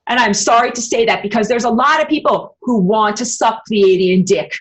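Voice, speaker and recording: A woman's voice: a little high, normal speed, husky. A woman giving an emphatic, profane, rambling spiritual livestream monologue and answering viewer comments. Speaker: spiritual vlogger.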